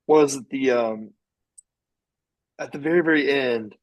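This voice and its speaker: A man's voice: medium pitch, unhurried, lo-fi sound. A man co-hosting a podcast in casual chat, enthusiastic and often checking in with his co-host. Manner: enthusiastic, often asks "you know what I'm talking about?".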